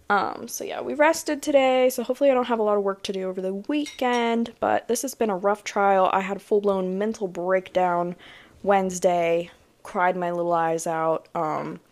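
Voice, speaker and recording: A woman co-hosting a podcast in casual chat, talking in a chatty, animated way. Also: mid-range voice, moderate pace. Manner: chatty, animated, tired after long workdays. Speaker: podcast co-host.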